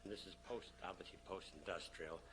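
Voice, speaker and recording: A man's voice: deep voice, steady tone, brisk, creaky, a bit bright, a little hiss or hum. A man giving a public lecture to an audience, telling stories animatedly and acting out the people he quotes. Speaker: public speaker.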